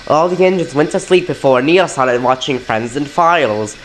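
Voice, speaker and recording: A man's voice: fairly high pitch, expressive, moderate pace, slight background noise, rough recording. A man narrating a children's-style engine story in a matter-of-fact way.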